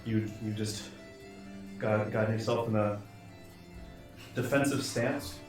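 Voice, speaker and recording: A man's voice: on the low side, fairly even intonation, takes it slowly, very echoey, far from the mic, music in the background. Easygoing man running a tabletop game. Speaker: game master.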